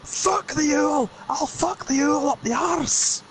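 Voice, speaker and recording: A man voicing a gruff, bossy Scottish giant in a mock Scottish accent, bellowing crude threats. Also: very high-pitched, slow pace, a little hiss or hum, voice pushed up, rough recording.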